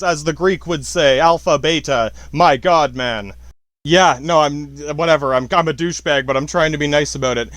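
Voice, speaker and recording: Profane rambling man, high voice. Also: moderate pace, fairly bright tone, dry recording, clean studio sound. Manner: profane, self-deprecating, frequent apologies and laughs. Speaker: podcast host. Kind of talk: rambling casual monologue.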